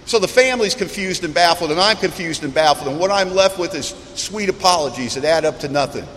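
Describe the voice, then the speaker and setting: A man sharing his recovery story with a meeting audience, candid and self-mocking, building dramatic lists with pauses. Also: fairly high pitch, animated, fairly bright tone. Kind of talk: personal recovery testimony to an audience. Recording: echoey hall with faint background noise.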